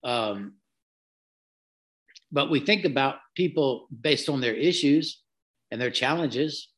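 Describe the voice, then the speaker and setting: Christian podcast guy teaching slowly, earnest and chatty, folksy asides. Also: mid-range voice, expressive, a bit bright. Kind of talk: conversational devotional teaching.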